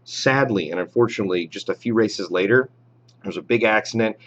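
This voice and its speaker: A man hosting a live show, chatting casually and reading out viewer shout-outs. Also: on the low side, fairly quick, dull audio. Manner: reads viewer names and approves shout-outs, chatty with fillers. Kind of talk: casual live stream chat.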